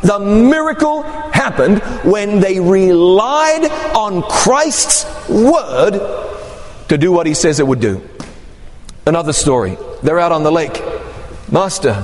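A man preaching a sermon, telling stories with lively acted-out quotes. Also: a little high, slight background noise. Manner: animated storytelling with acted quotes. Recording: echoey hall with long reverb.

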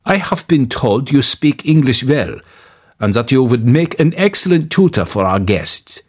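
A man's voice: medium pitch, big pitch swings, breathy edge. A man reading the part of a formal, courteous professor of divinity in a storybook. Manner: formal, measured speech.

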